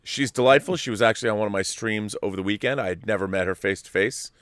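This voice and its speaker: A man's voice: fairly low pitch, fast talker, a bit bright, no room sound. A male host chatting casually and reading out viewer messages with wry humor. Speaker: show host. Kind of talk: casual chat.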